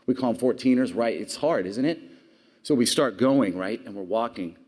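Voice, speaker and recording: A man's voice: mid-range voice, lively intonation, normal speed, darkish tone, slightly rough. A man giving an earnest public speech, telling stories and asking the audience questions. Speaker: award speaker.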